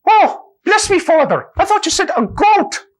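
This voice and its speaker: A man putting on an Irish accent to voice a sheepish village man in a joke, squealing very high and loud. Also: big pitch swings, measured pace, exaggerated voice. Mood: pleading. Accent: put-on Irish.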